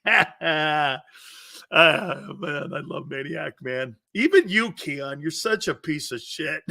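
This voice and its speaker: Brash, loud sports talk host. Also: male voice, on the high side, takes it slowly, creaky. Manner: brash, excitable, laughs often, needles his co-hosts.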